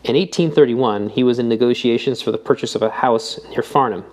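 Steady male audiobook narrator. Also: mid-range voice, brisk. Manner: reads steadily, lifting his voice for quoted dialogue. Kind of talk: scripted narration.

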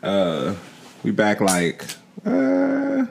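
A man's voice: sits low, lively intonation, normal speed, slight background noise. A man co-hosting a casual sports chat, laid-back and dryly teasing. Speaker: podcast co-host.

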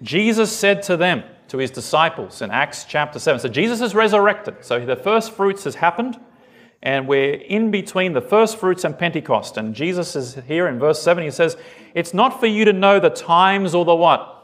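Guy preaching a sermon, high voice, animated, keeps checking if everyone's following. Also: moderate pace. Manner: animated, asks the congregation questions. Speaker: pastor.

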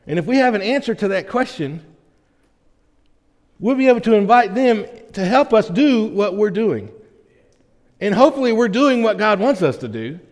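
A man's voice: high-pitched, darkish tone, big-room sound. A man preaching a conversational sermon as pastor of a church, folksy and full of "right?" check-ins with his congregation. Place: church sanctuary.

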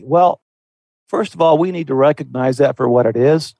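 A man's voice: a little high, moderate pace, darkish tone, no echo, poor audio. A man speaking earnestly and conversationally on a Christian talk show, often repeating a word as he restarts.

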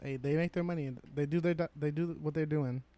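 A man's voice: fairly high pitch, steady tone, fairly quick, dark tone, no room sound. A man co-hosting a podcast in casual chat, slangy and joking. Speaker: podcast co-host.

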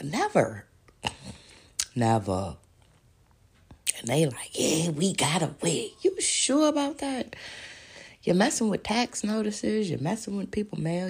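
A woman's voice: mid-range voice, creaky, a little mellow, slightly rough. A woman, hosting a podcast and delivering a profane, heated monologue full of rhetorical questions. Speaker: podcast host.

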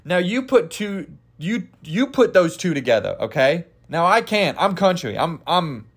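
A young man from Kansas hosts a podcast on his own, and his talking voice sits noticeably high. He rambles and swears freely, stopping often to correct himself mid-sentence. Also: very animated, unhurried, slightly rough. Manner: profane, rambling, self-correcting. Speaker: podcast host. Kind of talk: casual solo podcast rant.

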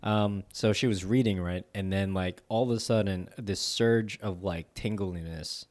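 Low-voiced man rambling with slang. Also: steady tone, unhurried, darkish tone. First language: not English. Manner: loose, rambling, laughs often, heavy filler and slang. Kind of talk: casual chat while eating.

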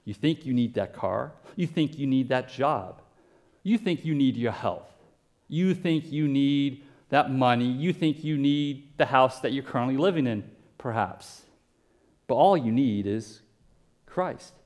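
A pastor preaching a sermon in a conversational way, with asides and everyday comparisons. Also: male voice, mid-range voice.

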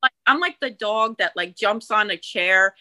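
A woman in her thirties with a New Jersey accent, telling a story on a podcast in a lively, profane way and acting out the quotes loudly. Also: medium pitch, moderate pace, no echo, poor audio. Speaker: guest storyteller.

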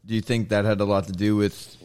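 A man's voice: fairly low pitch, level tone, fast talker, darkish tone, clean tone, dry recording. A man hosting a casual interview chat, asking long hesitant questions. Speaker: podcast host.

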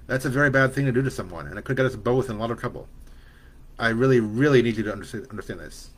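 A man reading the part of a worried, loving young mother who speaks gently but firmly to her son. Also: mid-range voice, racing, natural voice. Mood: firm, gentle.

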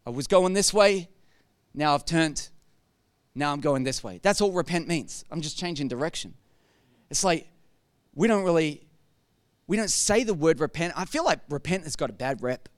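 A man preaching a lively sermon, animated and joking, repeating words for effect. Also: high voice, no echo, clean studio sound.

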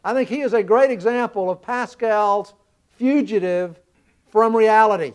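A man's voice: sits high, unhurried, clean tone. A man from the American South preaching a sermon, retelling a story with earnest emphasis.

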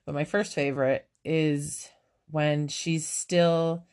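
A woman's voice: sits low, takes it slowly, clean tone. A woman co-hosting a casual movie chat, swearing freely and laughing often as she recounts favorite scenes. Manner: profane, animated, laughs often.

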